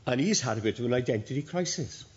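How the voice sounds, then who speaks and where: A man, addressing graduates at a university ceremony in a measured, storytelling manner with pauses. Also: medium pitch, animated, a little mellow. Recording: dull lo-fi recording.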